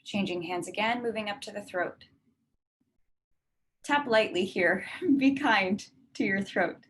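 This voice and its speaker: A woman leading a guided tapping meditation, slowly repeating affirmations and pausing for breaths. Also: medium pitch, fairly bright tone, slight background noise. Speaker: tapping session leader.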